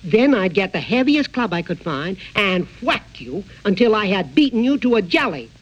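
A man's voice: high voice, big pitch swings, normal speed, lo-fi sound. A man doing a clever, teasing young heroine. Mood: sly. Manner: sing-song, teasing. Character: clever, nimble-witted young girl heroine.

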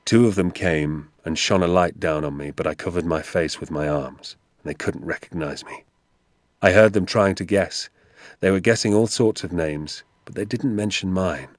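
A man voicing an injured father who speaks in a firm, reassuring, low-key way. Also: moderate pace, no echo, lightly acted. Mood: calm, steady. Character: injured father, calm and steady despite pain.

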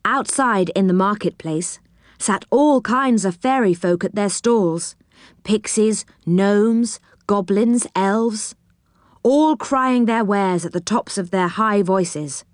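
A woman reading a children's storybook aloud in a gentle, measured way. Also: mid-range voice, no echo, studio quality. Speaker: narrator.

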